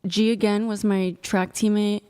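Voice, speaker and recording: Soft-spoken young woman, mellow tone. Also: mid-range voice, little pitch movement, normal speed, smooth. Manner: soft-spoken, matter-of-fact listing. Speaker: panel guest. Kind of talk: casual panel chat.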